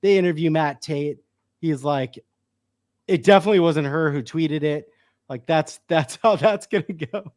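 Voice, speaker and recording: A man's voice: on the high side, moderate pace, darkish tone, no room sound, clean studio sound. A man co-hosting a casual sports podcast, rambling through bits and breaking into giggles as he talks. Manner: giggly, rambling, breaks into laughter while reading. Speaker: podcast co-host.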